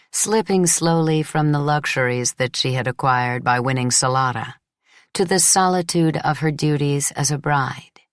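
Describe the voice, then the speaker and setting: A woman reading a first-person novel as an audiobook in a measured, steady way. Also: low voice, dry recording, studio quality. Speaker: audiobook narrator. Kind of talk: first-person literary narration.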